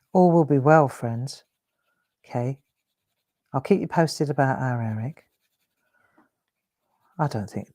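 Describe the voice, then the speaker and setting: A middle-aged woman leads a live craft demonstration, chatting and coaxing her viewers along as she works. Her voice sits a little low, and she takes her time. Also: dark tone. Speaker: craft show host.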